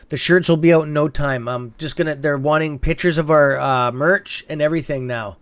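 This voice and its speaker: A man's voice: a little high, fairly quick, hardly any pauses, clear, resonant tone. Man chatting loosely on a live stream. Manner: swears openly when annoyed; chatty, reacts aloud to the chat. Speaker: host of a live stock-trading stream. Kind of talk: casual livestream chat reading viewer comments.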